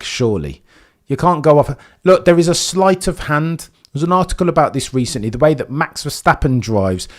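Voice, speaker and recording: A man calling a live race stream as a fan, jumping from calm updates to loud pleading shouts. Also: medium pitch. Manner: swings from calm reading of gaps to loud shouting; fan-like, pleading with drivers, chatty with viewers.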